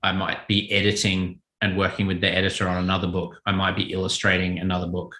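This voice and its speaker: A children's author and illustrator answers interview questions quickly in a fairly low voice with a forceful, bright edge, recorded in an echoey room. Relaxed and thoughtful, he often restarts and rephrases himself as he goes.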